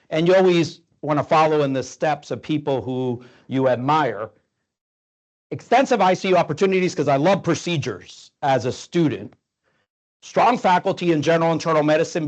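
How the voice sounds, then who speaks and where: Higher-voiced man giving a medical lecture. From Tampa, Florida. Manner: conversational, asks rhetorical questions, fillers. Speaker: medical professor giving grand rounds.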